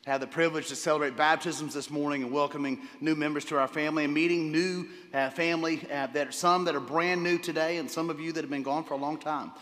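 A man pastor preaching a sermon to his congregation, enthusiastic, often repeating words and pausing with fillers. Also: a little high, fairly even intonation, fairly bright tone. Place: church sanctuary. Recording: long hall reverb.

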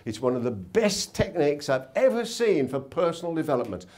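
Brief: male seminar speaker, lively pitch, storytelling, tag questions, hotel conference room. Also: a little fast. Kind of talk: motivational talk with anecdotes.

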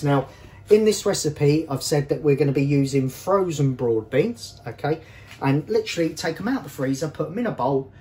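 A man of average pitch hosts a cooking demonstration in a kitchen. He talks in a relaxed, chatty way, guiding viewers step by step. Faint noise sits underneath his voice. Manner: chatty, walks viewers through each step. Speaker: cooking show host.

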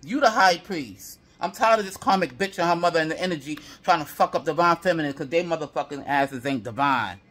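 A man's voice: fairly high pitch, expressive, brisk, hardly any pauses, a bit bright. A man giving a tarot reading to viewers, heated and profane, piling up repeated affirmations. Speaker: tarot reader.

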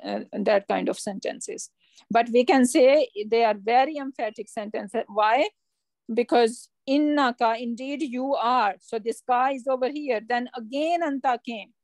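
A woman with a high voice teaches a grammar lesson, explaining patiently and asking her students questions as she goes. Her speech comes through dry and close, with no room sound around it. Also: a little mellow, no room sound. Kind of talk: online class lesson.

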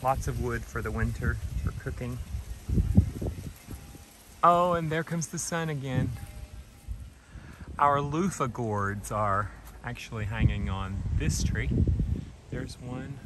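A man giving a gentle, affectionate walking tour of his farm outdoors, filmed on a handheld camera. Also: mid-range voice, slow, pauses often, background noise. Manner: gentle, affectionate, talks to trees and animals. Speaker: vlogger touring his farm. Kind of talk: casual walking tour vlog.

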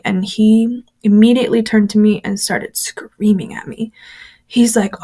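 A woman's voice: mid-range voice, flat delivery, normal speed, warm tone. A woman being interviewed, telling a personal story candidly with lots of fillers, acting out the voices of people she quotes. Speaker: interview guest, former church member.

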